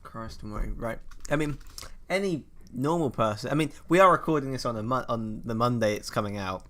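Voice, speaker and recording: A man's voice: medium pitch, animated, a little fast, sharp tone. Young male podcast host; tired, mumbly delivery, filler-heavy, self-mocking. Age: young adult. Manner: tired, self-deprecating, rambling with many fillers. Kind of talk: casual podcast chat.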